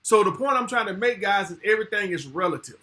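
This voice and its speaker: Man, high voice, bright tone, blunt laid-back chat. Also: animated, fast talker. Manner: laid-back, talks slang-heavy, blunt. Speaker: podcast co-host. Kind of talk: casual chat.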